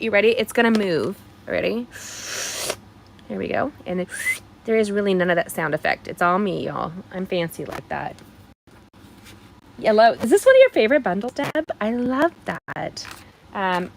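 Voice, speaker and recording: A woman's voice: mid-range voice, gravelly, a little hiss or hum, rough recording. Chatty woman hosting a crafting livestream. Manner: chatty, playful, talks to viewers by name. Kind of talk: live card-making demonstration.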